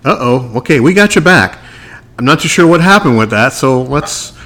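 A male podcast host talks in loose, playful banter and cracks jokes as he goes. His voice sits at an ordinary middle pitch. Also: expressive, moderate pace, a bit bright. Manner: joking, playful, rambling. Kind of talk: casual podcast chat.

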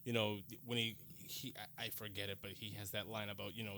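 A man's voice: fairly low pitch, flat delivery, quick pace, gravelly, hardly any pauses, pushed and bright, slight background noise. A man co-hosting a casual film review podcast, hesitant, often repeating words as he works out his points. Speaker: podcast co-host.

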